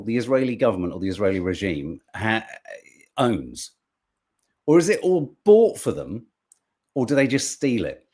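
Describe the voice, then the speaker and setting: A man's voice: mid-range voice, a little mellow. A man hosting a podcast, commenting on news clips in a sarcastic, swearing, mocking way. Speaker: podcast host.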